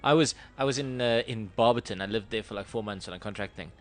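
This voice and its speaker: A man's voice: lowish voice, quick pace. A man co-hosting a casual radio chat show, jokey and laughing often. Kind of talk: casual banter.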